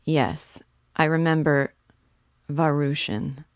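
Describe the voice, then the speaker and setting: A woman's voice: low-pitched, moderate pace, no room sound, studio quality. A woman reading the curt lines of a sick, withdrawn young man who is dreamy and stubborn. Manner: terse, dreamy, refusing.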